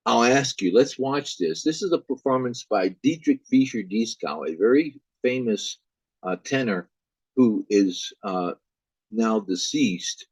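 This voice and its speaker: A man's voice: mid-range voice, expressive, unhurried, husky, no room sound, rough recording. A man teaching a recorded music lecture, speaking hesitantly with frequent fillers. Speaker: music instructor.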